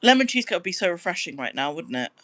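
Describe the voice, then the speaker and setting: Young british girl on a livestream, bright tone, dry close mic, chatty and upbeat. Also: very animated, rapid-fire, dry recording. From Britain. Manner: chatty, upbeat, squeals high when surprised. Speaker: livestreamer and musician. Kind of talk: casual livestream chat reading viewer comments.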